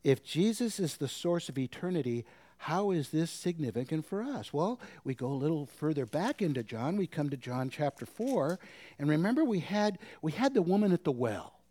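A man preaching a sermon, asking the congregation rhetorical questions and swinging between forceful emphasis and hushed whispers. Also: on the high side, sing-song, moderate pace, no room sound. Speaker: pastor.

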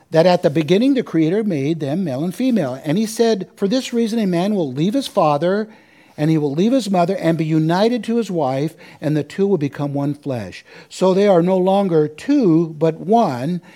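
A man preaching a sermon, animated, with wry asides and repeated points. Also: fairly high pitch. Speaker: pastor.

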